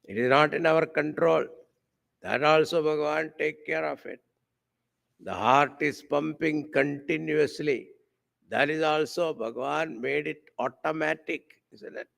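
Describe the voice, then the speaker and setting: Slow, gravelly-voiced swami. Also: male voice, a little high, fairly bright tone. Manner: slow and deliberate, asks the audience rhetorical questions, uses Sanskrit terms. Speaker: swami giving a spiritual discourse. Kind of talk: devotional sermon with a told story. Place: camp hall with a live audience.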